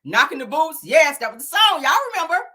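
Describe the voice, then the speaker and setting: A woman's voice: sits high, big pitch swings, fairly quick, sharp tone. A woman hosting casual celebrity gossip on a livestream, sassy and slangy, teasing her viewers and calling them honey and child.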